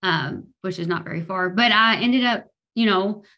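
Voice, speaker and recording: A woman's voice: mid-range voice, moderate pace, sharp tone. A woman with a Kentucky accent, a podcast guest telling her personal story hesitantly with lots of fillers. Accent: Kentucky Southern American. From Kentucky, USA. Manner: hesitant, many fillers, laughs easily.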